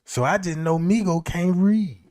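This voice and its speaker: Man streamer, high voice, casual profane storytelling, loose and rambling. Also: unhurried, a little mellow. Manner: rambling, profane, laughs often.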